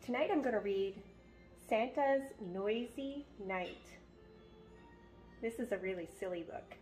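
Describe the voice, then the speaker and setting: A woman reading a children's picture book aloud as a storyteller, in a gentle, expressive manner. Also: on the high side, measured pace, soft background music.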